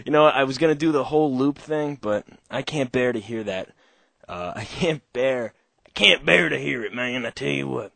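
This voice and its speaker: A man's voice: mid-range voice, vocal fry, no room sound. Male call-in host, loose and profane, rambles and laughs at his own jokes, dry close sound. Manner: rambling, heavy swearing, frequent laughter. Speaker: radio show host. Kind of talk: casual profane monologue.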